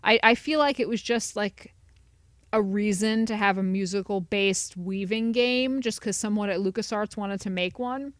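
A woman's voice: medium pitch, normal speed, no echo, clean studio sound. A woman giving casual, chatty commentary over a video game playthrough, sarcastic and swearing freely. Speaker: let's play commentator. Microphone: desk USB headset mic.

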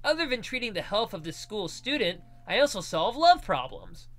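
Man putting on a chatty female school nurse, girlish and bubbly, high voice. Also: sing-song, normal speed, fairly bright tone, exaggerated voice. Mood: cheerful. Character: cheerful young woman school nurse, chatty and sentimental.

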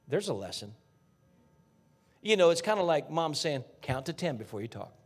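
A man preaching a fervent sermon as a guest pastor in a church, talking folksy and straight to the congregation, dropping to hushed whispers and rising to near shouts. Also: on the high side, sing-song, normal speed, husky. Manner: folksy, addresses congregation directly. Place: church sanctuary.

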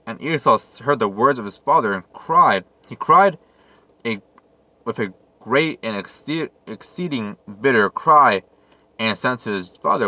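Bright-voiced young man reading scripture. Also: medium pitch, animated. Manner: reads archaic verses haltingly with slips, then comments in slang. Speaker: Bible teacher. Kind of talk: casual scripture reading and commentary.

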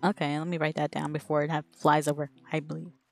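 Giggly woman streamer, low voice. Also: flat delivery, quick pace, gravelly, soft background music. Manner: giggly, stumbling over a tongue twister. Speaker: game streamer. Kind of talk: casual live-stream chat. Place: home streaming setup.

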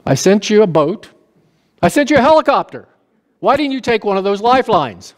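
A man voicing God in a sermon parable, gently reproving a man who drowned after refusing help. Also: high-pitched, very animated, brisk, long reverb tail, voice pushed up.

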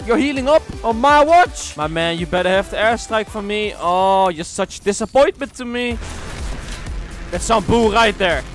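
Excitable high-voiced young man gaming. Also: normal speed. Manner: excitable, trash-talking. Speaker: gaming streamer. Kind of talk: gameplay commentary. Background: game music.

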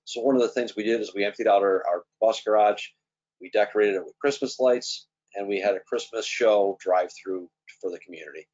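Low-voiced man, earnest panel talk. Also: darkish tone, slightly rough. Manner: earnest, halting with fillers. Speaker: school transportation panelist. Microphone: video call. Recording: dull lo-fi video call audio.

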